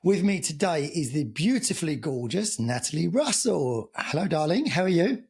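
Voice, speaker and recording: Husky, teasing British podcast host. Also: male voice, on the high side, big pitch swings, moderate pace, darkish tone. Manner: chatty, teasing, flirty. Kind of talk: casual chat.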